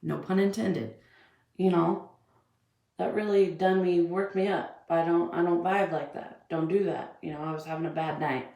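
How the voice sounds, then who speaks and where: A fired-up woman with a drawl vents in a blunt, profane rant. Her voice sits low with a rough, gravelly fry. The sound bounces around an echoey room. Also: steady tone, moderate pace, muffled recording. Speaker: vlogger. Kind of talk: ranting commentary.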